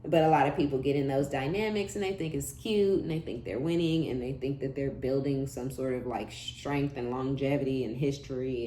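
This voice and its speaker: Low-voiced blunt woman reading tarot. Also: moderate pace, few pauses, dark tone. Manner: blunt, profane, laughing asides, slangy. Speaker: tarot reader. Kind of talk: casual tarot reading monologue. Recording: echoey room with faint background hum.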